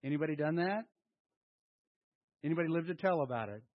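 A man's voice: on the high side, expressive, a little fast, phone-quality sound. A man preaching a sermon, acting out his inner dialogue as he talks to his congregation. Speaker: pastor.

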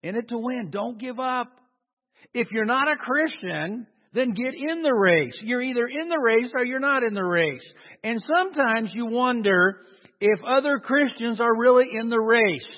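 A man's voice: very high voice, expressive, normal speed. A man preaching a sermon to a congregation, emphatic and calling for responses. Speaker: pastor. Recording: dull sound in a long-reverb hall.

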